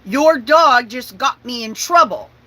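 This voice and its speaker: A self-righteous male dog lodging a complaint, huffy and scolding in a raised, bright voice, as a woman puts him on. He sounds aggrieved and sure he is the good one. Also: on the high side, expressive, measured pace, voice pushed up, full character voice. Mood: indignant.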